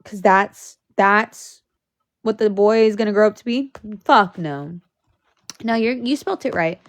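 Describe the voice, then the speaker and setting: A young woman vents on a live stream, her mid-range voice cracking near tears. She speaks at a measured pace, swears often, repeats herself, and keeps restarting her sentences.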